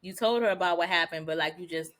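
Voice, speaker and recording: A woman co-hosting a podcast in casual chat, talking in a relaxed, slangy way with laughing asides. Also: fairly low pitch, quick pace. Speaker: podcast co-host.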